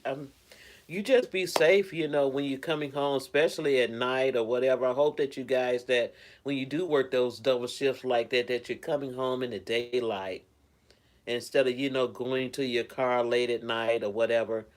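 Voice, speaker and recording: A man's voice: mid-range voice, steady tone, normal speed. A man chatting casually at home on a live stream, rambling in a caring way and greeting viewers by name. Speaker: live streamer reading chat.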